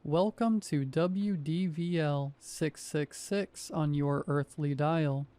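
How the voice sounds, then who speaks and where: A harsh, gravelly demon radio DJ with a slow, sardonic drawl, as a man puts him on in a horror story. The voice sits a touch high yet sounds mellow and warm rather than bright. It croaks out its words in a mocking way. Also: fairly even intonation.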